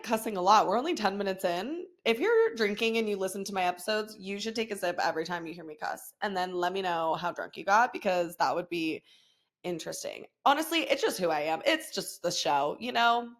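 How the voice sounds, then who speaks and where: A woman's voice: medium pitch, animated, brisk. A woman in her thirties hosting a podcast, chatting frankly with frequent swearing and laughter. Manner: frank, profane, laughs often. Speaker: podcast host. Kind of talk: casual confessional chat.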